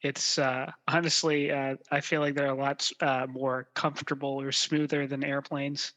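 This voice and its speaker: A man's voice: medium pitch, little pitch movement, moderate pace, sharp tone. A man in a casual podcast chat, talking in an easygoing way with hesitant fillers. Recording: long reverb.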